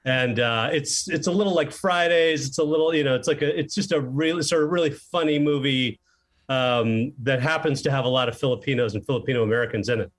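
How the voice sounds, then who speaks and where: A man being interviewed as a film director, telling stories in a casual, animated way and acting out the lines he quotes. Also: medium pitch, brisk. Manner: animated storyteller who acts out quoted lines.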